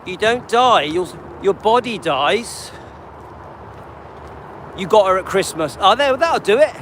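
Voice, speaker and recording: A man's voice: high-pitched, animated, measured pace, fairly bright tone, a little hiss or hum, poor audio. A man in his late fifties chatting casually on a livestream while walking his dog, rambling and talking to viewers by name. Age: 50s. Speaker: livestream host.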